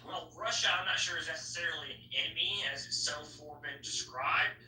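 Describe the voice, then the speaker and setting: Young male podcast host, slightly high, very bright tone, blunt, swears a lot; roomy, distant recording with faint hiss. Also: a little fast. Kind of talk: casual political chat. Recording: echoey room, voice from far off, faint noise.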